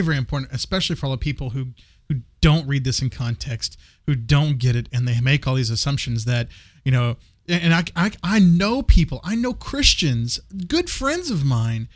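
A man co-hosts a casual Christian discussion podcast, sounding earnest and often repeating words while he searches for what to say. His voice is a little high, captured in a dry recording with clean studio sound.

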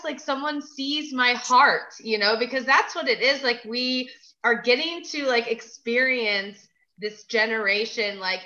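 A woman's voice: on the high side, pushed and bright, muffled recording. A woman guest in a casual chat, speaking dreamily and filling nearly every phrase with "like.". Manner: dreamy, filler-heavy, says "like" constantly.

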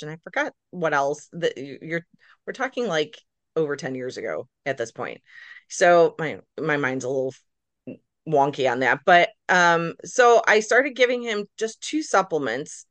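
A middle-aged woman, a nurse practitioner, telling her story as a podcast guest in a lively, casual way, acting out her own reactions. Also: on the low side, normal speed, no echo. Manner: animated, acts out her own reactions in quotes.

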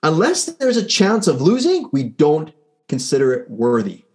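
A man who works as a results coach, a guest on a podcast, telling stories in a lively way and acting out the people in them. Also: fairly high pitch, normal speed. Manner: animated storyteller who acts out the people in his stories. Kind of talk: casual conversation with storytelling.

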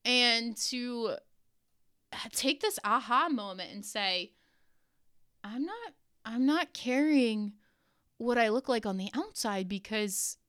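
Woman podcast host, bright and clear, animated storyteller, close dry sound. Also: fairly high pitch, no room sound. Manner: animated, laughs often, swears casually. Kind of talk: personal storytelling.

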